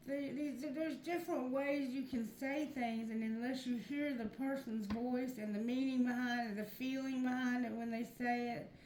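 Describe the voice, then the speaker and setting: A woman's voice: a little high, a little mellow. Frank, chatty woman giving a tarot reading. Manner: frank, chatty, addresses spirit, earthy phrasing. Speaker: tarot reader. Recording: echoey room with noise behind.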